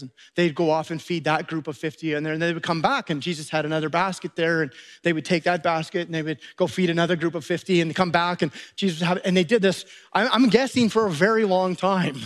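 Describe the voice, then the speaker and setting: A pastor preaching a sermon, retelling a Bible story with lively acted-out dialogue. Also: male voice, a little high. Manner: animated storytelling, acting out disciples' voices.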